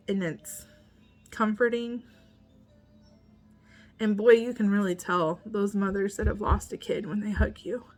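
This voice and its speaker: A woman in her thirties tells a personal story in a soft, halting voice, pausing and restarting, sometimes dropping almost to a whisper. Her pitch sits at an ordinary middle height for a woman. Faint music plays quietly underneath. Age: 30s. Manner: halting, soft-spoken, pauses and restarts, often near a whisper. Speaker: mother sharing her story.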